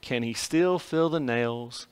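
Guy preaching in a church, mid voice, goes big then drops real quiet. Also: mid-range voice, slow pace, clean tone. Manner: dramatic swings between loud emphasis and hushed lines. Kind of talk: sermon. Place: church sanctuary.

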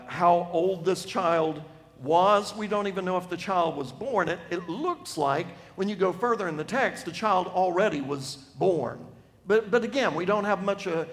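A man preaching a sermon on a Bible passage, emphatic, dropping from loud to hushed for effect. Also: high voice, animated, moderate pace. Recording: long reverb of a large hall.

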